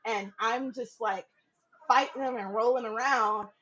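A woman with a fairly high voice tells a story in loose, casual talk. She swears freely and slips into the voices of the people she quotes. The sound is dull and lo-fi, like a home podcast recording. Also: unhurried. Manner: animated, acts out quoted voices, laughs often, swears freely. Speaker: podcast guest.

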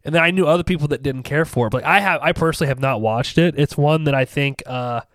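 A man chatting on a podcast, his voice sitting a little high and sounding dry and close. He tells stories with plenty of swearing and dramatic re-enactments of what he said. He speaks casually, with frequent restarts. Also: fast talker, no echo. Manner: animated storyteller, swears, acts out his own past rants. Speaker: podcast co-host. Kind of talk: casual chat.

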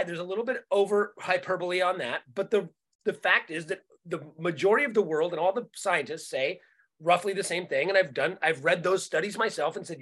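A man co-hosting a podcast, ranting in casual chat with lots of swearing and animated outbursts. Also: high-pitched, a little fast. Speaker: podcast co-host.

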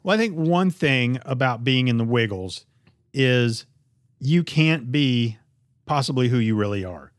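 A man's voice: medium pitch, lively intonation, unhurried, dry recording, studio quality. A man co-hosting a podcast in casual chat, blunt and joking, swearing often. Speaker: podcast co-host.

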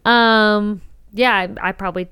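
A woman's voice: medium pitch, fairly even intonation, unhurried, bright, forceful tone, smooth. A woman co-hosting a podcast, chatting casually with dry, easygoing banter. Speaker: podcast co-host. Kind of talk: casual chat.

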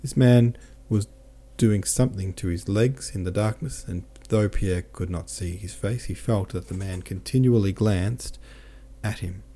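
Male audiobook narrator, deep and mellow; steady, measured reading. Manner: steady, measured reading with small self-corrections. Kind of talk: scripted narration of a novel.

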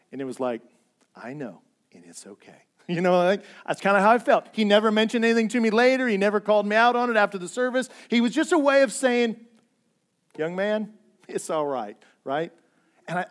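Conversational middle-aged male pastor preaching. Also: sits high. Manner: conversational preaching that swings from loud emphasis to near-whispered quotes. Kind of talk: sermon.

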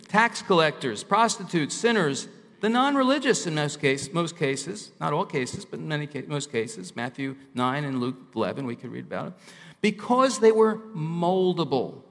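A male preacher delivering a sermon, leaning hard on each key line. His voice sits a little above the usual pitch. A long reverb trails his words through a large hall. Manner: emphatic, slows down to stress key lines.

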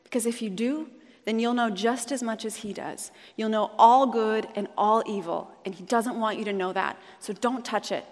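A woman's voice: on the high side, moderate pace, natural voice. A woman voicing a sly male serpent who coaxes in a casual, conspiratorial way. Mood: coaxing. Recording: long hall reverb.

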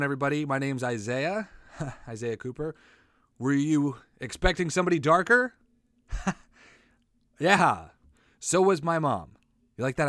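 This is a man running a loose comic monologue on his own show, laughing at his own jokes and mocking himself. He admits he is high. His voice is mid-pitched and recorded dry, with no room echo. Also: fairly bright tone. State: says he is high. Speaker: solo show host.

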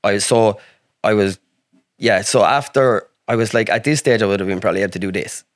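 An Irish man with a lowish voice tells his story as a podcast guest, rambling and swearing freely and filling his talk with "like". The sound is dry and close, with no room echo. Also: fairly quick. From Ireland. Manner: rambling, heavy swearing, frequent "like". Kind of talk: casual storytelling.

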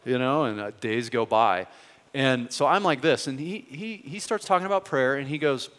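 Man, pastor, earnest conversational sermon, mid-pitched voice, long hall reverb. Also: animated, normal speed, a bit bright, clean tone. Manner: earnest, conversational, rising with emphasis on questions.

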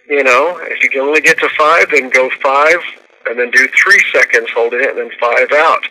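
Bright, brassy male radio host. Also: medium pitch, a little fast, poor audio. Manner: explains step by step, counting out loud. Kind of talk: instructional radio talk.

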